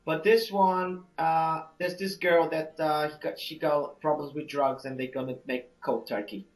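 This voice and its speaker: Rambling animated man on a podcast. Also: on the high side, a little slow, low-quality recording. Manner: rambling, animated, acts out scenes. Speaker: podcast co-host. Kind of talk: casual chat.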